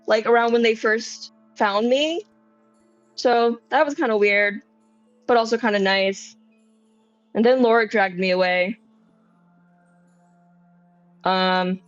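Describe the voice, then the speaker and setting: A woman's voice: a little high, no echo, muffled recording, close to an everyday voice. A woman voicing a nervous, rambling young man in a tabletop game, talking hesitantly with lots of fillers. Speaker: player. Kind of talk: tabletop role-play in character.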